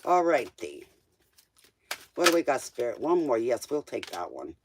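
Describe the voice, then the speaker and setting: A man's voice: mid-range voice, big pitch swings, moderate pace, noisy background. A man doing a live-stream tarot reading, casual and joking, talking straight to the viewer in loose, slangy speech. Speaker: tarot reader.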